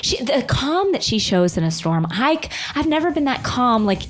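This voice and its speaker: Giggly woman with a lively, high voice. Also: slight background noise. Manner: giggly, quick to laugh, animated. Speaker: podcast co-host. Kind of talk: casual chat.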